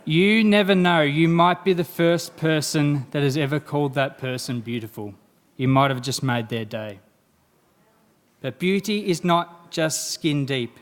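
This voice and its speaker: This young man speaks a little slowly in a fairly high voice as the guest speaker at a graduation. His motivational address features animated storytelling in which he acts out the dialogue.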